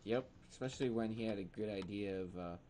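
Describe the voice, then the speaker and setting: A man's voice: on the low side, fast, warm tone, a little hiss or hum. A man co-hosting a live game stream, laid-back, mostly giving short replies. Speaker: stream co-host. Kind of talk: casual chat while gaming.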